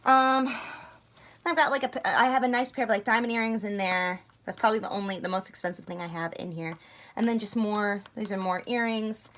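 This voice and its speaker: A young woman from outside Philadelphia with a slight Philly accent, chatting casually and rambling on a livestream while she packs, a little hoarse. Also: mid-range voice, a little fast, a bit bright. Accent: Philadelphia area. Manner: chatty, rambling, self-mocking. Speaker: vlogger.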